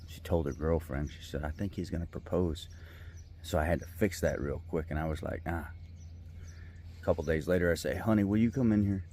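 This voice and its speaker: A man's voice: low-pitched, fast, few pauses, dark tone, a little hiss or hum. A middle-aged man, telling a personal story in a rambling, folksy, heartfelt way. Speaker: vlogger. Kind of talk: casual storytelling vlog. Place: outdoors by a river.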